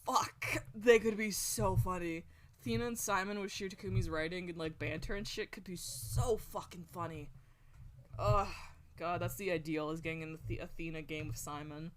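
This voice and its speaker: A young woman streaming while she draws, rambling excitedly in casual chat and swearing constantly. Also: fairly low pitch, moderate pace, a little hiss or hum. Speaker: art streamer.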